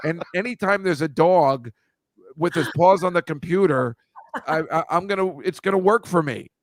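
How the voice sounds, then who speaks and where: A man's voice: fairly high pitch, moderate pace, no room sound, clean studio sound. A man hosting a casual comedy chat, teasing his guest with a guessing game of photo clues. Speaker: podcast host.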